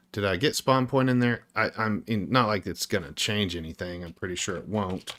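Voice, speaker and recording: A man's voice: on the low side, normal speed, fairly bright tone. A man who develops indie games, chatting casually on a livestream as he works, ranting in frustration and swearing heavily. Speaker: indie game developer streaming his work. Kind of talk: casual livestream chat while working.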